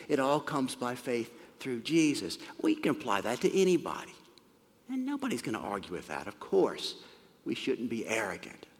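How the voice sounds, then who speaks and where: A man delivers a sermon with lively, emphatic preaching that rises high on key lines and drops soft on reflective ones. His voice sits a little high for a man. The sound carries the long reverb of a large hall. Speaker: pastor.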